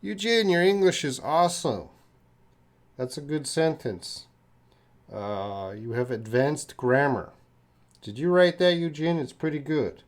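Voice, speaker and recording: A man from Canada teaching English on a live stream, answering viewers' chat questions patiently and slowly with many pauses. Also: fairly high pitch, lively intonation. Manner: slow, patient, repeats student names and pauses with uh; drinks tea while talking to the camera.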